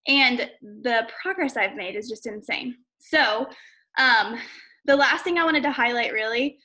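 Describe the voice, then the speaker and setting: A woman's voice: fairly high pitch, normal speed, sharp tone. Breathless, chatty woman on a video call. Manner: enthusiastic, chatty, many fillers like "um" and "like". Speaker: fitness coach sharing on a team call. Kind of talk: casual video call chat.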